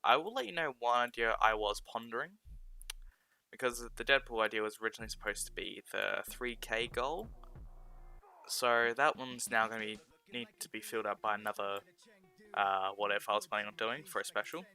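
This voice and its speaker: A man's voice: fairly low pitch, brisk, gravelly, bright, forceful tone. A man with a South Australian accent chatting casually while gaming on a stream, rambling, sarcastic and often correcting himself. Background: faint background music.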